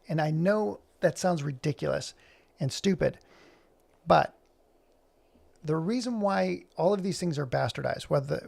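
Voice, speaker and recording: A man's voice: fairly high pitch, creaky, a little mellow. A man ranting in casual chat while he works on animation, heated and rambling, swearing freely as he talks. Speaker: animator and streamer.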